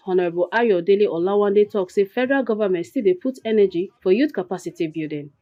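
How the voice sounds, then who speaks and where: A Nigerian-accented narrator reads a steady Pidgin news report in a mellow, darker voice. The voice-over sounds dull and lo-fi. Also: mid-range voice.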